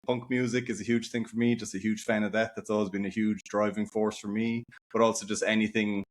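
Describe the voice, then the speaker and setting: A man's voice: on the low side, flat delivery, a little fast. A man in his forties with an Irish accent, a guest author chatting casually and rambling with fillers in a podcast interview. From Ireland.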